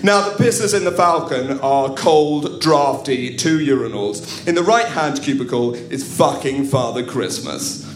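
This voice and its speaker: A man's voice: mid-range voice, slight background noise. A man telling a comic story at a live show, theatrical and wry, turning to the audience for asides. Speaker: comedian storyteller. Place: live comedy venue. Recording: echoey room at a live show.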